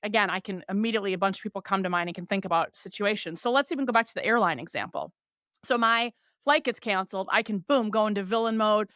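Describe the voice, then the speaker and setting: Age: adult. Sex: woman. Role: podcast host. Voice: smooth, mid-pitched. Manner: animated explainer. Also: fast, dry recording, clean studio sound. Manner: animated, voices quoted complaints for illustration. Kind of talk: explanatory conversational talk.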